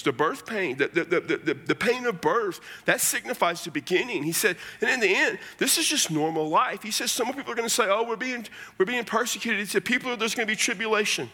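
An American man delivers a sermon in a bright, somewhat high-pitched voice. He explains scripture in a conversational, animated way, often breaking off for casual asides. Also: a little fast, few pauses. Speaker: pastor.

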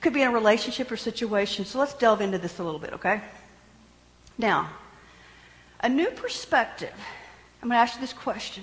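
A woman preaching a sermon in a lively, animated way, joking with her congregation. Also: a little high, brisk, pauses often, big-room sound, poor audio.

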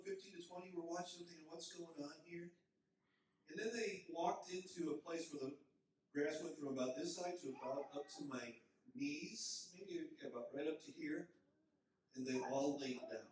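A man's voice: on the high side, moderate pace, darkish tone. An older man from Minnesota with a Minnesota accent, a pastor giving a playful story-filled children's sermon. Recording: very echoey hall, distant mic, faint hiss.

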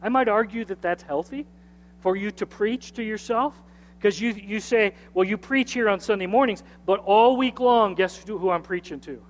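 Emphatic high-voiced preacher in a reverberant church. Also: male voice. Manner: repetitive, emphatic preaching with call-and-response. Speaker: pastor. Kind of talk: sermon. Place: church sanctuary.

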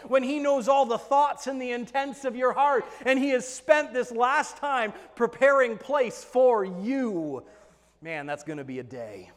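A male pastor delivers an emphatic sermon in a high-pitched voice. He drops to hushed tones and rises to loud, stressed lines. His voice rings with the long reverb of a big hall. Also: a little slow. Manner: emphatic, swings between hushed and loud passages.

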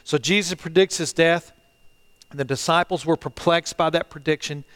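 A middle-aged man preaching a sermon as pastor, earnest and halting, often repeating phrases and swinging between loud and hushed delivery. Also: a little high, fairly even intonation. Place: church, online service.

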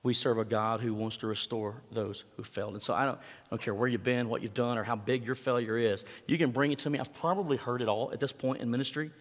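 A man delivers a sermon in a mid-pitched voice. He preaches conversationally and keeps putting questions to the congregation. His voice carries a long reverb, as if in a large church hall. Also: fairly even intonation, quick pace. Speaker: pastor.

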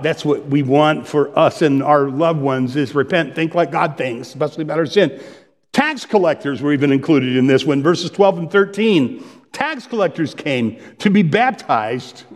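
A man's voice: on the high side, lively intonation, unhurried, long reverb tail. A middle-aged man preaching a sermon, talking in a conversational way with asides and self-deprecating jokes. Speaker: pastor.

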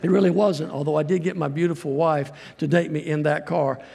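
A man's voice: a little high, fairly even intonation, a little fast, a little mellow. A middle-aged man preaching a sermon in a church, folksy and rambling, with self-deprecating asides. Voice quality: gravelly voice. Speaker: guest preacher and missionary. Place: church sanctuary. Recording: long reverb of a church hall.

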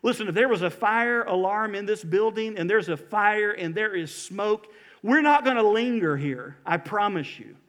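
A male pastor with a high-pitched voice preaches with animated, emphatic storytelling. He leans hard on key phrases and speaks from inside a church building. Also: moderate pace, in a large hall. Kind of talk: sermon.

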